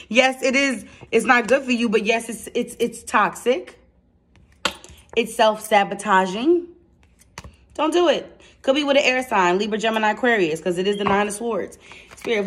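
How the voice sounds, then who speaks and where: A woman giving a casual tarot reading to camera, excitable and chatty, blunt and slangy, speaking straight to her viewers. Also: mid-range voice, a little hiss or hum. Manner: excitable and chatty, laughs and exclaims. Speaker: tarot card reader.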